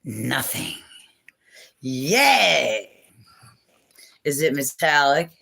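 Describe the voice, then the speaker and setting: A woman's voice: very deep voice, very animated, extremely slow, gravelly, pushed and bright, breathy edge. A woman hosting a casual livestream from home on her phone, rambling and chatty, laughing often and swearing now and then. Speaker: livestream host.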